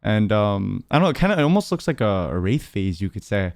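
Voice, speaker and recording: A man's voice: on the low side, sing-song, fairly quick, vocal fry, no echo, clean studio sound. A man hosting a casual video-call interview, chatty, laughing often and talking with many fillers. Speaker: interviewer and streamer host.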